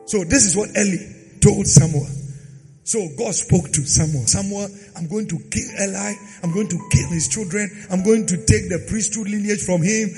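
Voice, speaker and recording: A pastor preaching a dramatic sermon, swinging from loud sung phrases to quiet asides. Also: male voice, sits high, moderate pace. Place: church hall. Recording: long hall reverb with faint music.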